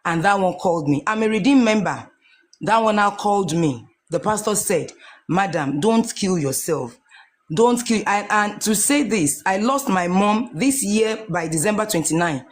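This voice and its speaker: A woman's voice: mid-range voice, lively intonation, moderate pace. A Nigerian woman in her forties giving an emotional personal testimony, earnest and repeating her phrases as she goes. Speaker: guest sharing a testimony.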